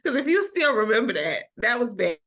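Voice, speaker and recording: A woman's voice: a little high, big pitch swings, a little fast, fairly bright tone. A woman from Georgia with a Southern accent, a guest speaking emphatically in a casual chat. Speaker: guest, actress.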